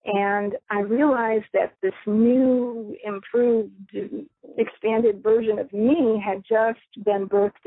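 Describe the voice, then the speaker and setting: A middle-aged woman with a gravelly, dry voice tells her life story earnestly, pausing to reflect and laughing softly now and then. Her voice comes through a thin, narrow phone line. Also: mid-range voice, dry recording. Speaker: radio host. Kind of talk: personal storytelling.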